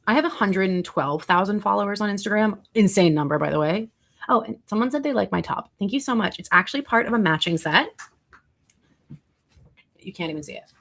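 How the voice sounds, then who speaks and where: A young woman talks casually through a home livestream, rambling from one aside to the next. Her voice has a gravelly, fried edge at an ordinary middle pitch, picked up by a desk mic. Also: a bit bright. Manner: chatty, rambling, quick asides to chat. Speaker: livestreaming content creator.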